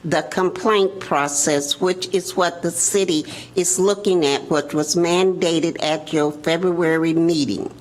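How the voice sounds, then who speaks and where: A city staff member briefs a committee in a measured, formal way. She has a very low voice and speaks slowly. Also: fairly even intonation, rough recording.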